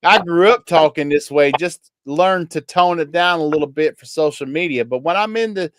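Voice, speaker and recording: A folksy country man with a thick Kentucky drawl, put on by a host hands out homespun advice like a sermon. The voice sits a little high and drawls along. The sound is dry and close. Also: normal speed, dry recording, natural voice.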